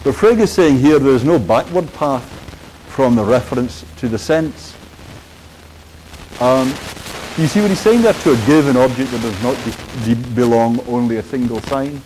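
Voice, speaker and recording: A man's voice: medium pitch, normal speed, darkish tone, a little hiss or hum. A man giving a university philosophy lecture, hesitant with many fillers and dry wit, in a lecture hall.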